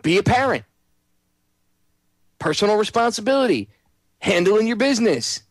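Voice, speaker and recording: A man's voice: sits high, sing-song, normal speed, dry recording. A man hosting a talk radio show, ranting sarcastically in a monologue.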